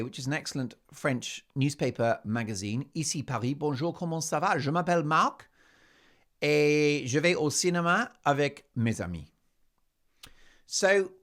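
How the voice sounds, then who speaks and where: A British man hosting a talk show, delivering a sarcastic, emphatic monologue that swings between loud and quiet. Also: medium pitch. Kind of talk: opinionated monologue.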